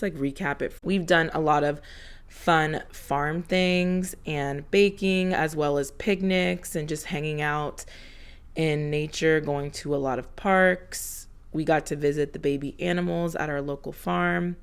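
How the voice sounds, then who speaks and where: Low-voiced chatty woman vlogger. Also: smooth. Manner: chatty, earnest, upbeat. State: slightly out of breath. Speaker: homemaking vlogger. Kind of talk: casual voiceover narration.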